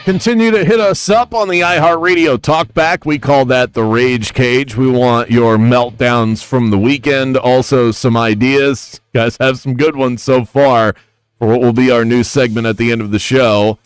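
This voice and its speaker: A man's voice: medium pitch, fairly even intonation, normal speed, smooth, no echo. A man hosting a sports radio show, chatting casually and joking with his co-host. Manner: jokey, laughs easily.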